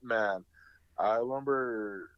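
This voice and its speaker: A man's voice: on the low side, slow pace, clean tone, no room sound, dull audio. A man co-hosting a casual podcast chat, rambling through stories full of swearing and acted-out quotes. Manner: rambling storyteller, heavy swearing, acts out quotes. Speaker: podcast co-host.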